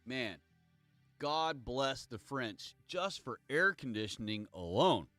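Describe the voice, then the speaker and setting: A man's voice: mid-range voice, sing-song, slow pace, pushed and bright, dry recording, faint music behind. A man hosting his own livestream, talking in a meandering, digressive way and reading viewer comments aloud. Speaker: livestream host. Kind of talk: rambling solo livestream monologue.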